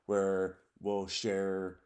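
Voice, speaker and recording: A man co-hosting a casual podcast with his wife, talking in a relaxed, playful, teasing way. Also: deep voice, extremely slow. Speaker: podcast co-host. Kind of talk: casual chat.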